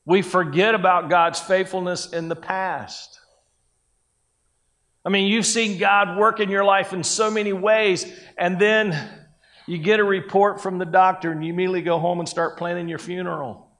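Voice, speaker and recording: A man's voice: high-pitched, steady tone, normal speed, fairly bright tone. A man preaching a sermon in a conversational way, breaking into acted-out quotes of people. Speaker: pastor.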